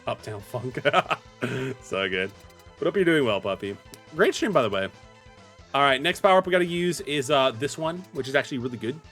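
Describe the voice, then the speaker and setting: A man's voice: medium pitch, expressive, moderate pace, fairly bright tone. A man streaming a game live, chatting casually with his viewers as he plays, with lots of fillers and restarts. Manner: chatty, talks to chat viewers by name while playing; loose filler-heavy talk with many restarts. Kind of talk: casual livestream chat. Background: faint game music.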